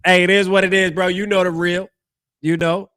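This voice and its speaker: A man's voice: high voice, level tone, moderate pace, a bit bright, no echo. A man hosting a fan postgame show, ranting casually with slang and lots of repeats and restarts.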